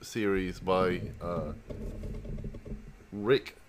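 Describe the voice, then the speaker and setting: Easygoing lower-voiced male co-host. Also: drawn-out words, a little hiss or hum. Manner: easygoing, reads notes aloud with fillers. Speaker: podcast co-host. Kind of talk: casual podcast chat.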